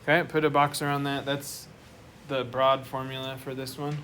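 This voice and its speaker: A man's voice: mid-range voice, little pitch movement, normal speed. A man teaching a math class, explaining step by step and asking the students questions. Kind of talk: classroom lecture. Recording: noisy classroom recording.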